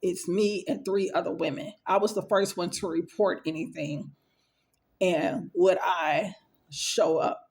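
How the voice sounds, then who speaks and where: A woman's voice: lowish voice, fairly even intonation, unhurried, darkish tone. A woman telling a personal story in a casual, conversational way. She often stops to act out what others said. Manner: conversational, acts out quoted dialogue, frequent fillers. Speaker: storyteller sharing a personal experience.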